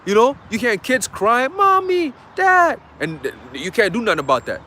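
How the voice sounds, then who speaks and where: A man's voice: sits high, big pitch swings, brisk, pushed and bright, a little hiss or hum. A man preaching a dramatic, slangy sermon outdoors in a city, often checking in with his listeners. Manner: emphatic, checks in with "okay?". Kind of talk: street sermon.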